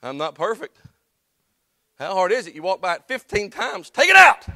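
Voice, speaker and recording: A man preaching a sermon as pastor, folksy and plain-spoken, building up to shouts in church. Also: high-pitched, lively intonation, normal speed, creaky, no echo. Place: church sanctuary.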